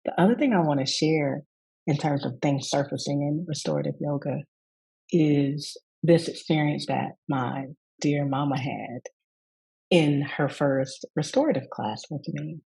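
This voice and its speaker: Southern US woman, rest coach; husky, gravelly voice; reflective storyteller in an interview. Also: sits low, measured pace, poor audio. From Southern United States. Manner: warm, reflective storytelling with acted quotes. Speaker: rest coach and yoga teacher.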